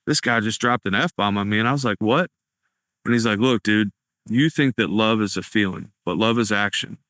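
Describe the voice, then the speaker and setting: A man's voice: lowish voice, fairly quick, fairly bright tone, dry recording, clean studio sound. A young man earnestly tells his recovery testimony, acting out the dialogue he quotes. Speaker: testimony speaker.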